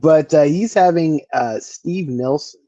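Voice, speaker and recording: A man's voice: fairly high pitch, measured pace, background noise. Teasing male co-host, dull lo-fi sound. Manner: chatty, teasing, stumbles over words. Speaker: podcast co-host. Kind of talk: casual comedy podcast chat.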